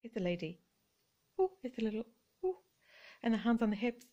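A woman's voice: fairly high pitch, sing-song, brisk, muffled recording. A middle-aged woman chatting casually as she shows off her thrift haul, gushing over each find and apologizing for her pronunciation. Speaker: vlogger.

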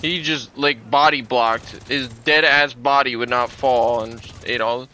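A man giving casual gameplay commentary, excitable and swearing often, with sudden loud outbursts. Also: mid-range voice, a little slow, a little hiss or hum, low-quality recording. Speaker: gameplay streamer.

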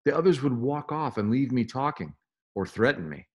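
A man's voice: mid-range voice, lively intonation, moderate pace, slightly rough. A man reading a novel aloud and voicing a curious, dreamy teenage girl who speaks eagerly and asks question after question. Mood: earnest. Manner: eager, wondering, full of questions.

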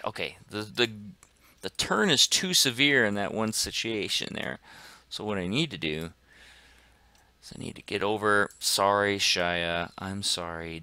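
A man commenting excitedly on his gameplay as a gaming channel host, dropping to whispers and bursting into shouts. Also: fairly low pitch, a little slow, smooth, no room sound. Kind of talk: let's play commentary.

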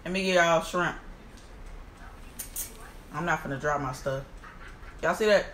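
A woman with a low voice speaks a little slowly, her sound roomy with slight background noise. She hosts a casual eating vlog, animatedly exclaiming and addressing her viewers as y'all as she eats.

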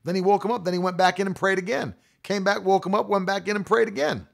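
A man's voice: high voice, steady tone, quick pace, creaky. A man preaching a sermon, emphatic and repetitive, stretching out key words for stress. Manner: emphatic, repeating key phrases.

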